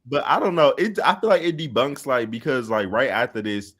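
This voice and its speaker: A man's voice: medium pitch, fairly quick, fairly bright tone. A man co-hosting a live reality TV recap, talking in a laid-back, slangy way.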